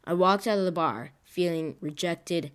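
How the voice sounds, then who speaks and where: A woman reading a first-person story aloud, moving expressively between calm narration and lively speech. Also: on the low side, moderate pace, clean tone.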